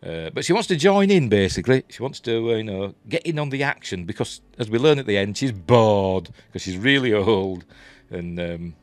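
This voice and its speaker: A man's voice: on the low side, lively intonation, moderate pace, dry recording. A man with a Yorkshire accent reviewing a TV episode in a casual, rambling way, full of fillers and restarts. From Yorkshire, England.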